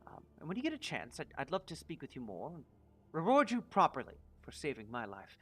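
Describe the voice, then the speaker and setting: A man's voice: on the high side, huge pitch swings, fairly quick, fairly bright tone, breathy edge, soft background music, heavily acted. A man voicing a grateful, shaken young nobleman who stammers out his thanks. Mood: earnest.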